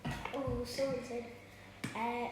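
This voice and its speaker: Off-mic female assistant, slow and hesitant, voice ringing in a clattery kitchen. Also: fairly high pitch, little pitch movement, noisy background. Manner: soft, hesitant reading aloud. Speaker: assistant reading viewer comments. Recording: distant, echoey kitchen with clattering dishes.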